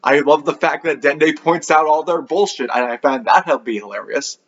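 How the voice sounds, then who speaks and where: A man's voice: fairly high pitch, normal speed, a bit bright, lo-fi sound. A man hosting an anime review video, talking in a casual, offhand, rambling way with a sarcastic edge.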